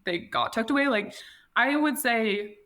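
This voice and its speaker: A woman's voice: a little high, a little slow, fairly bright tone. A woman guest on a casual podcast interview, speaking reflectively with many "like" fillers and restarts.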